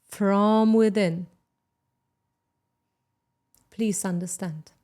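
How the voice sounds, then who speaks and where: A woman's voice: mid-range voice, steady tone, extremely slow, mellow. A woman hosting a self-help podcast, giving an emphatic motivational talk with sarcastic asides.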